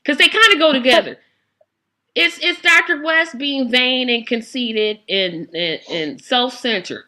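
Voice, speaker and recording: A woman hosting a casual political chat, animated and acting out the reactions she quotes. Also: high-pitched, measured pace. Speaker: host.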